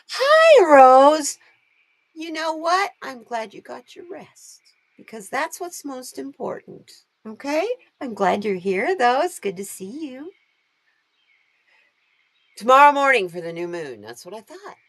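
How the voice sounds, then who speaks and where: A woman hosting a casual tarot live stream. She chats warmly with her viewers, greets them by name and laughs often. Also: high voice, huge pitch swings, unhurried.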